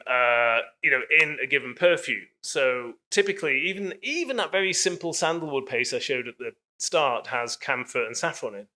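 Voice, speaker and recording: Casting note: male lecturer, bright tone, loose and digressive delivery with many hedges. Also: medium pitch. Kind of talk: public lecture.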